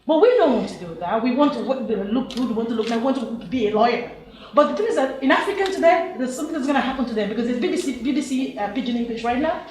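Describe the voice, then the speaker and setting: A woman's voice: on the high side, animated, fast talker, a little mellow, slight background noise. A woman from Nigeria speaking up from the audience at a panel, emphatic and laughing as she talks, with many restarts. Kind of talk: impassioned comment from the floor. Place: university lecture hall. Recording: echoey lecture hall.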